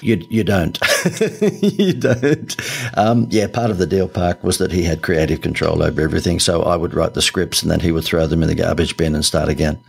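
Gravelly low-voiced Australian man. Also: fairly even intonation, brisk, darkish tone. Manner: chatty, laughs often, many fillers. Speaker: guest, ad agency founder. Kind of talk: podcast interview storytelling.

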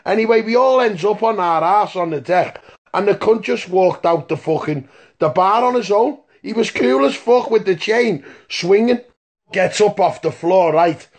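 A man's voice: high voice, moderate pace. A man telling a rambling, profane story in a phone voice message, stopping often to ask "right?". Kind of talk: casual voice-note anecdote.

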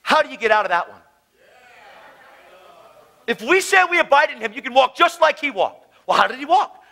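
A man preaching at a conference with passion and emotion, his voice swinging between loud declarations and hushed, tender moments. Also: extremely high pitch, sing-song, normal speed, creaky, rough recording. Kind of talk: conference sermon. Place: conference hall.

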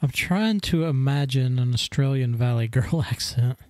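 A man chatting casually with friends while playing an online game, relaxed and jokey, often laughing. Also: medium pitch, normal speed, no room sound, soft background music. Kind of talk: casual gaming chat.

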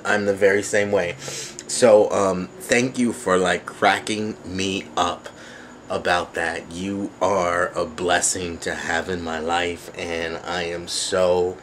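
A man's voice: sits low, a bit bright, a little hiss or hum. A man vlogging casually at home, chatty and gushing with thanks, with lots of fillers. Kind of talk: casual thank-you vlog. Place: at home, sitting.

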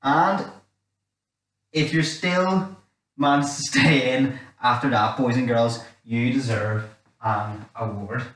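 A man's voice: mid-range voice, slow pace, fairly bright tone. A man leading a children's church game, chatty and giving instructions. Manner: chatty, instructional, repeats "wee". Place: dark church hall. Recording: echoey room, mic far off.

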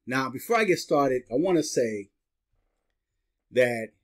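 A man's voice: mid-range voice, expressive, normal speed. A middle-aged man with a slight lisp, talking casually straight to his viewers and checking in with "right?" and "okay?". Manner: chatty, repeats "right?" and "okay?". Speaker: vlogger. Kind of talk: casual monologue to camera.

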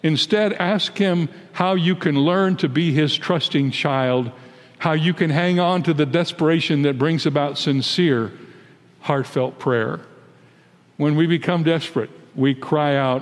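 An American man in his eighties, a pastor giving an emphatic, deliberate sermon in a large church. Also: a little high, long reverb tail. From United States. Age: 80s. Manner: emphatic, deliberate preaching that rises into pleading when quoting prayers.

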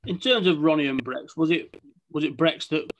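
A man hosting an interview, asking long, halting questions with many restarts. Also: on the high side, lo-fi sound. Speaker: podcast host. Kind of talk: casual interview.

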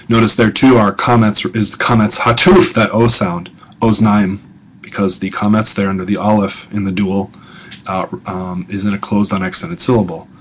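A male professor giving a recorded lecture, talking conversationally, repeating each vocabulary word slowly and adding casual asides. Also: lowish voice, poor audio.

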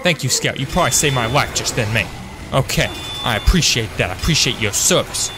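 Against a noisy background, a young man streams a shooter game live, his medium-pitched voice expressive and brisk. He greets viewers by name in upbeat chat, often correcting himself mid-sentence and trailing off with fillers.

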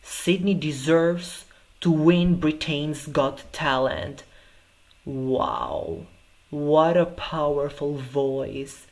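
A man's voice: fairly high pitch, fairly even intonation, slow, darkish tone. A man hosting a reaction video, talking in effusive, exclamatory bursts of praise. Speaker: YouTube reaction host.

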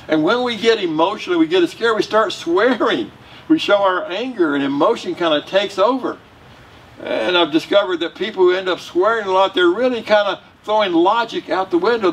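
A man's voice: high-pitched, slightly rough. Southern preacher man, mic at a distance. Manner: conversational, joking with the congregation. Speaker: pastor. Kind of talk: sermon. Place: church sanctuary. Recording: distant mic with faint room noise.

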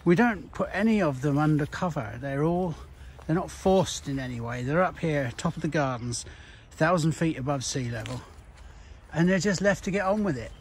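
Outdoors at a hillside nursery, the owner chats casually in a fairly high, expressive voice at a moderate pace. He is blunt and swears freely, and the recording picks up a lot of outdoor noise.

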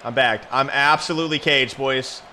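A man giving live commentary over a football video game, excitable and trash-talking, shouting at his players. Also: medium pitch, normal speed, slight background noise. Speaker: gaming YouTuber.

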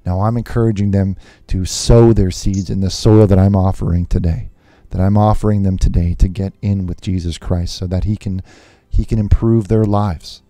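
A man playing a nervous televangelist host on a call-in show, talking haltingly with many fillers and restarts. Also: low-pitched, steady tone, mellow, dry recording. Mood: flustered.

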